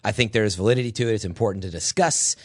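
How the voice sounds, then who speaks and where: A mid-pitched man talking quickly and hedging his points on a gaming podcast. The sound is close and dry, with no room around it. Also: dry recording. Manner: fast, hedging, laughs often. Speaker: podcast co-host. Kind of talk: casual gaming podcast chat.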